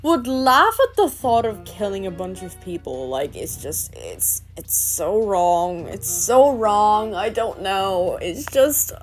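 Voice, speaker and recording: A woman's voice: mid-range voice, big pitch swings, takes it slowly, few pauses, soft background music. A young woman reacting with exasperated emotion to a story game, laughing often. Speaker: game streamer.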